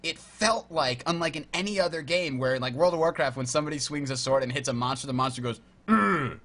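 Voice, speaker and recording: A man hosting a casual gaming podcast, animated and acting out his own reactions. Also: fairly high pitch, quick pace. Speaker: podcast host.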